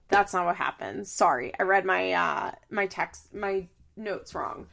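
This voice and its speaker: A woman's voice: lowish voice, a little slow, creaky, few pauses, a bit bright. A young woman giving heated, exasperated casual commentary, full of "like" fillers and swearing. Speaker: reality TV commentator.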